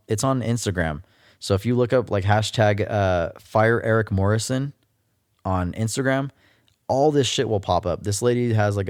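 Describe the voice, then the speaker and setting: A man's voice: lowish voice, a little mellow, no echo, studio quality. A man hosting a solo podcast, ranting in a casual, blunt and profane way. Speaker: podcast host.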